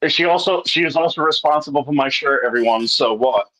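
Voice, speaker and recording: A man's voice: a little high, fast, sharp tone, poor audio. A man hosting a casual group chat on a video call, joking crudely and laughing often. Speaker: livestream host.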